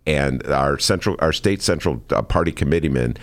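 A man's voice: very deep voice, expressive, moderate pace. A man hosting a radio talk show, speaking in a wry, easygoing drawl. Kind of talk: casual radio chat and interview.

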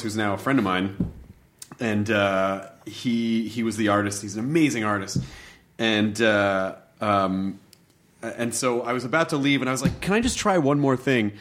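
A male voice actor interviewing a guest. He chats casually and tells his story in a relaxed, easygoing way. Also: medium pitch. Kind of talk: casual chat.

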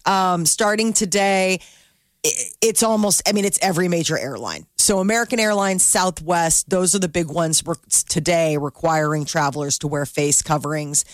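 A woman's voice: fairly low pitch, normal speed, no echo, clean studio sound. A woman reading the news in a casual, chatty way on a morning radio show, laughing between items.

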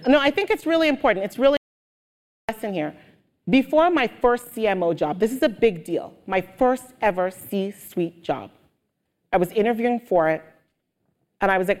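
Animated woman speaking on stage. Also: mid-range voice, a little fast. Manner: energetic, animated storytelling. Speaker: guest speaker. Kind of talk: live on-stage interview. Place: auditorium with audience. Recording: long hall reverb.

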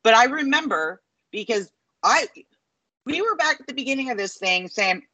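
A woman's voice: a little high, lively intonation, moderate pace, pushed and bright, no room sound, rough recording. A woman co-hosting a podcast in casual political chat, speaking in a confident, matter-of-fact way. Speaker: podcast co-host.

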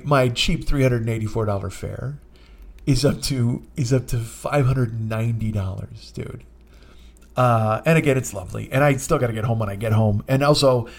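A man hosting a podcast, telling a comic story in a profane, rambling, animated way. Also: medium pitch. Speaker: podcast host.

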